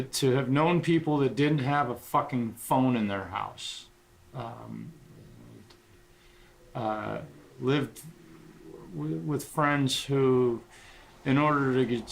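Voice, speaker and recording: Slow-talking middle-aged male guitarist. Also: mid-range voice, gravelly, slight background noise. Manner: rambling and sentimental, with frequent swearing. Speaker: guitarist livestreaming. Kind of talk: casual livestream chat.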